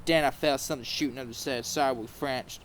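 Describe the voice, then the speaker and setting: A man's voice: mid-range voice, fairly even intonation, fast talker, fairly bright tone, a little hiss or hum. Male host reading a story aloud for laughs, mid-range voice, trips over words, sudden mock-dramatic bursts. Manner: reads aloud with stumbles and mock-dramatic outbursts. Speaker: podcast host. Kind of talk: comedic dramatic reading of a fanfic.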